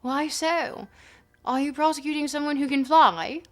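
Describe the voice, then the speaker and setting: A woman's voice: sits high, fairly even intonation, normal speed, fairly bright tone, pitched above the performer's own voice. A woman reading the part of an inquisitive older male Greek philosopher with a probing, questioning delivery. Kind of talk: live reading of a dialogue.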